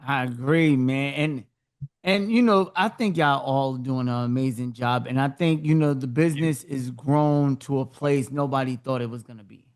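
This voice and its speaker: A man's voice: medium pitch, normal speed. A man hosting a podcast, enthusiastic and loose, chatting informally with lots of filler words. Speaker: podcast host. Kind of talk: casual interview talk.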